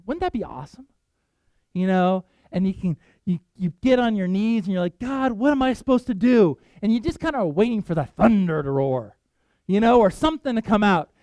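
A male pastor preaching a sermon, telling Bible stories with animated voices for the characters. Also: dry recording. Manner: animated storytelling, voices Bible figures, pitch jumps for excitement.

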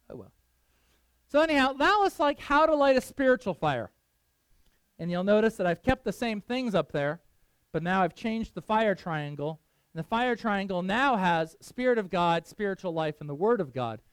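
Chatty high-voiced male preacher. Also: clear, resonant tone, no echo. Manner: chatty, asks the room questions, laughs often. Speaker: pastor. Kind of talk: casual sermon with audience questions.

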